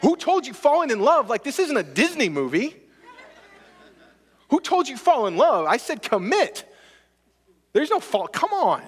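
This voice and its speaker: A man preaching who voices Jesus as incredulous and blunt, pitched high with exasperation. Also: wildly swooping pitch, a little slow, pauses often, in a large hall, some chatter behind, full character voice.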